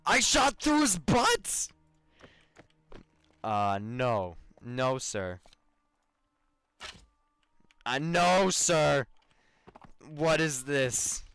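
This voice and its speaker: A young man narrates his own gameplay in slow, drawn-out bursts, his pitch leaping all over the place as he curses and shouts mock taunts at the enemies. His voice sits a little higher than most men's. Faint game music plays underneath. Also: big pitch swings, smooth. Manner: loud, swearing, laughing outbursts, mock taunts. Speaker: gaming YouTuber. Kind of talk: excitable let's play commentary.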